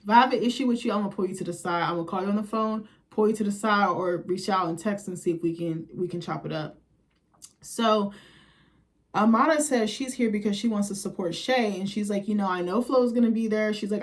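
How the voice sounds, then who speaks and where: A woman's voice: medium pitch, brisk. A young woman casually recapping a reality show, blunt and profane, acting out the quotes she retells.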